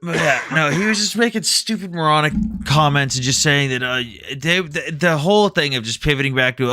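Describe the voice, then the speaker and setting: Blunt, profane man with a bright voice. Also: fairly high pitch, fairly quick, few pauses, dry recording, clean studio sound. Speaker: host. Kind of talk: casual heated debate chat.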